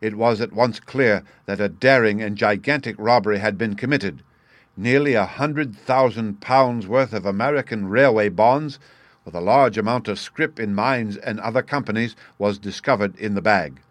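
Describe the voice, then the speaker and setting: A man narrating a classic detective story in a measured, even reading. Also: on the low side, no room sound. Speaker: audiobook narrator.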